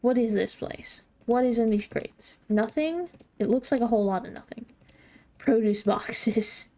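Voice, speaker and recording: A woman's voice: a little high, unhurried, dark tone. A woman streaming a game live, chatting with viewers in a playful, mock-formal way while she plays. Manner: playful mock-formal phrasing, talks to chat. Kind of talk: live gaming commentary, reading chat.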